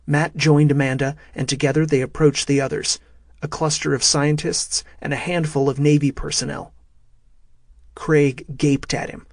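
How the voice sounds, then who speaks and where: A man narrating a thriller audiobook in a steady, measured way. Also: a little high, vocal fry, dry recording, studio quality.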